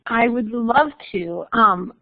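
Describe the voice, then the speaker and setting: A woman's voice: a little high, takes it slowly, gravelly, dry recording. A woman hosting a webinar, introducing the next speakers in a gushing, enthusiastic way. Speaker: webinar host. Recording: tinny dry phone-like line.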